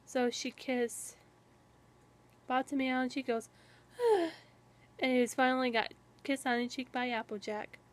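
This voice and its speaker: A young woman narrates a homemade fan story in a high voice. She talks slowly, halting and restarting often as she strings events together with one "and" after another. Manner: rambling, halting, many restarts and "and" fillers.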